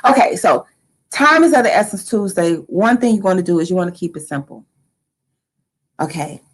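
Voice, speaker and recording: A middle-aged woman hosting a live motivational talk, lively and animated, acting out excited quotes. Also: mid-range voice, normal speed, breathy edge, rough recording. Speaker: motivational live-stream host.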